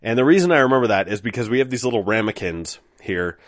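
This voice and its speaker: A man's voice: lowish voice, animated, fast talker, no room sound, studio quality. A man telling a rambling, self-deprecating story in a casual way, with many fillers.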